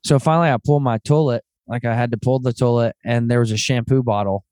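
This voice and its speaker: A man's voice: medium pitch, fast talker, dry recording. Dry-sounding male podcast host, storytelling. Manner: animated storyteller, calls people "man". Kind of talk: casual chat.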